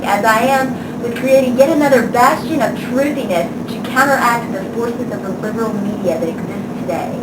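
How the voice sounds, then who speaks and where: A woman's voice: a little high, moderate pace, few pauses, lightly acted. A woman doing a smug, pompous male TV pundit. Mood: deadpan. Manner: deadpan mock-pompous, rambling. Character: smug male conservative TV pundit, middle-aged. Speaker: student playing an interview guest. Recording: echoey room from far off, noisy.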